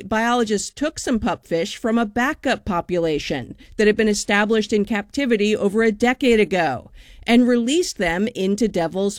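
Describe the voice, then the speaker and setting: A woman correspondent delivering a scripted radio news report in a clear, even tone. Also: mid-range voice, no echo, clean studio sound.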